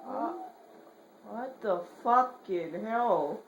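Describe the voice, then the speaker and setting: A woman playing a horror game and talking over it, her pitch jumping all over as she swears in quick repeated bursts. Between scares she mutters jokes under her breath. The room echoes, and there is a faint hiss underneath. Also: lively intonation. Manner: jokey, mutters quietly between outbursts. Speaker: gamer. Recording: roomy echo, faint hiss.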